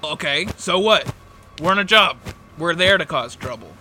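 A man voicing a gruff, dismissive gang leader with a put-on Southern accent, in a tabletop game. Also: mid-range voice, a little slow, faint music behind, low-quality recording. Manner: brusque, impatient, louder than his narration. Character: gruff adult male bird-folk gang leader, dismissive.

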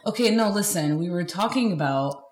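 A woman co-hosting a casual chat podcast, animated and playful, breaking into sung bits. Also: lowish voice, moderate pace, echoey room. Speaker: podcast co-host.

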